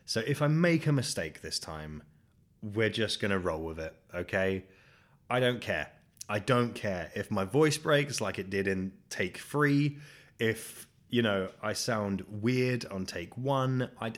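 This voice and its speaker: A man's voice: fairly low pitch, lively intonation, slow pace. A man hosting his own solo podcast into a microphone, talking in a rambling, self-deprecating way. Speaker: podcast host.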